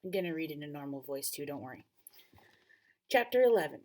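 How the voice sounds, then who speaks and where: A woman teacher reading a novel aloud to students, expressive and often correcting herself mid-sentence. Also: low-pitched, fairly quick.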